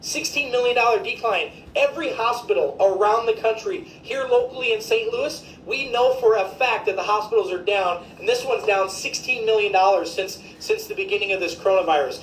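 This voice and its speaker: A woman's voice: on the high side, brisk, few pauses. A woman physician, delivering an indignant, emphatic, profane rant to her viewers. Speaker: physician commentator. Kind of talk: ranting video commentary. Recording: echoey room, faint background noise.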